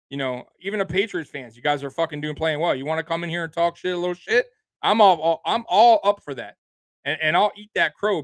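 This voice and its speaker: Man, livestream host, angry fan rant, profane, repetitive, fired-up, fairly high voice, dry sound. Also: fairly bright tone, no echo.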